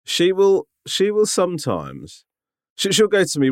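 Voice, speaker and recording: A man's voice: mid-range voice, wildly swooping pitch, a little fast, dry recording, studio quality. A man in his forties chatting casually as a podcast co-host, self-mocking and swearing often. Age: 40s. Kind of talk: casual chat.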